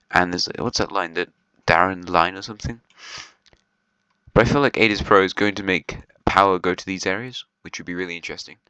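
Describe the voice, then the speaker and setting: Over a video series, a low-pitched man rambles casually in a pushed, bright voice, full of ums and restarts. He's chatty and half-joking with short laughs, and the audio is poor with no echo.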